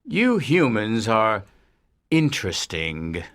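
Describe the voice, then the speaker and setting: A woman voicing a composed male alien visitor posing as a teacher, speaking in a lowered, measured voice. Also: wildly swooping pitch, exaggerated voice. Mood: calm.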